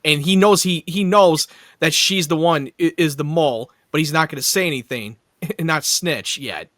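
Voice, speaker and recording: A man's voice: on the high side, normal speed, fairly bright tone, no echo, studio quality. A man in a casual chat, laughing often and swearing casually.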